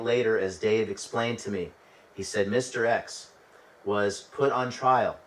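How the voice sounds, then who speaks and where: A man with a fairly low voice recounts a story from his travels in a relaxed, chatty monologue. He restarts phrases and turns to the listener with asides. His voice sits a little back from the microphone. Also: distant mic, poor audio. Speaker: host telling travel stories.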